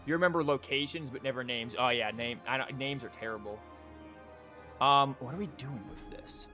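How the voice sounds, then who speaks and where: A man with a medium-pitched voice at normal speed chats casually on a live stream, thinking aloud while theorycrafting. A streamer and teacher, he rambles with lots of "like" and restarts as faint music plays behind him.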